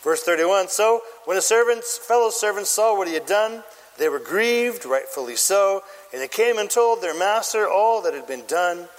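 A man preaching a sermon, telling a story in an animated way and asking the audience questions. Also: high voice, moderate pace, long reverb tail. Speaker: pastor.

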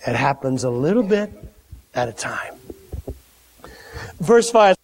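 A male pastor preaching a sermon in a conversational, animated way with dramatic swings from hushed to loud. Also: fairly high pitch, takes it slowly. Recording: echoey hall.

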